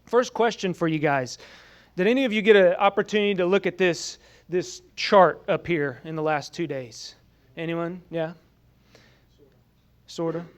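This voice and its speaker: High, clear-voiced man presenting. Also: a little slow, long pauses. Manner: conversational, many "you know" fillers, questions the audience. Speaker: presenter at a training summit. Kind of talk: conference presentation. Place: meeting room with an audience.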